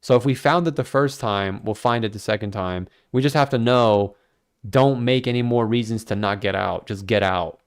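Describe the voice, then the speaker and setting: A man with a smooth, clear, fairly low voice, hosting a casual livestream. He rambles through his thoughts in an animated, self-mocking way and swears freely. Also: moderate pace. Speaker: crypto livestream host.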